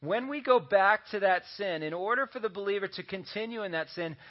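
A man's voice: sits high, animated, a little fast. A man preaching a sermon as a pastor, talking conversationally and slipping in joking asides. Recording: dull lo-fi audio recording.

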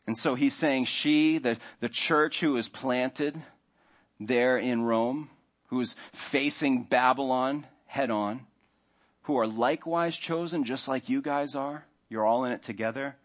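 A man preaching in a relaxed, conversational way. His voice sits at an ordinary middle pitch, and he slips into short, acted-out inner voices to make his points. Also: a little slow. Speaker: pastor. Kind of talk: sermon.

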